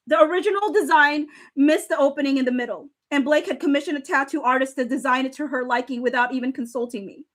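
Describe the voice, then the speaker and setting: Reading text messages aloud on a live stream, a woman with a high, slightly bright voice reacts emotionally, often laughing and coming close to tears. Her commentary is casual and live.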